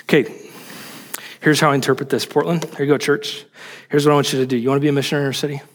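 A man preaching a sermon in an animated, emphatic way, asking rhetorical questions. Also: mid-range voice, rapid-fire, big-room sound. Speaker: pastor.

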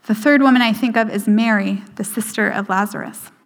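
A woman giving a sermon, slowing down for emphasis and dropping to a hushed voice for quoted lines. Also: medium pitch. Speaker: speaker at a church service. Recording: hall reverb.

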